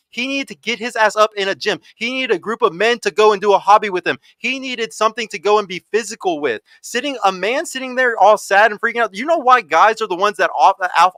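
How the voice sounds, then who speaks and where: An American man hosting a dating podcast, arguing forcefully, swearing often and talking over his guests. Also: high voice, clean tone, no room sound. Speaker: host. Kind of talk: heated panel debate.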